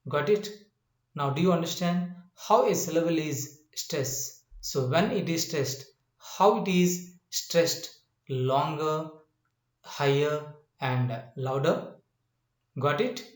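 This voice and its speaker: A male English teacher giving a spoken lesson, slow and repetitive, often asking if the listener understands. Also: fairly high pitch, echoey room. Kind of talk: classroom-style spoken lesson.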